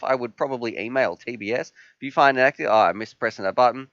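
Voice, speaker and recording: A man's voice: mid-range voice, fast, hardly any pauses, a bit bright, no room sound, highs cut off. A man hosting a casual live stream, chatty and laughing often as he reads out chat messages.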